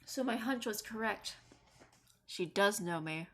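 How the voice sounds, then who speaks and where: A woman voicing an earnest young male defense attorney in a game, dropping her voice low. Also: animated, measured pace, slight background noise, close to an everyday voice. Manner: earnest, probing.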